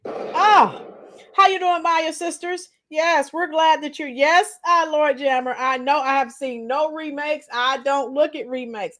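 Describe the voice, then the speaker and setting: A middle-aged woman hosting a casual livestream, greeting viewers by name, her voice a little strained and clearing her throat often. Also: high-pitched, a bit bright. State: slightly strained voice after a week of teaching. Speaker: livestream host. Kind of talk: casual live chat with viewers.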